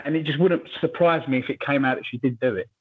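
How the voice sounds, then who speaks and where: A man co-hosting a podcast in casual chat, chatty and animated, with quick asides and a husky voice. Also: medium pitch. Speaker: podcast co-host. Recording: tinny phone-like line.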